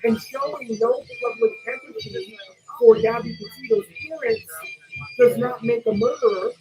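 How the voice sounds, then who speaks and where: A woman's voice: fairly high pitch, lively intonation, normal speed, lo-fi sound, faint music behind. A woman ranting in blunt, repetitive commentary, often asking "right?" and swearing casually. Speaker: commentary vlogger.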